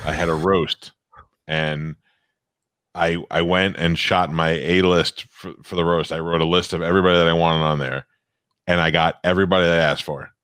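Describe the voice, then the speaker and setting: Brief: man around fifty, very low voice, blunt swearing host, dry close sound. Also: level tone, moderate pace, fairly bright tone, clean tone, no room sound. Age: 50s. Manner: blunt, swearing anecdote teller. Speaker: radio host. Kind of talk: casual comedy podcast chat.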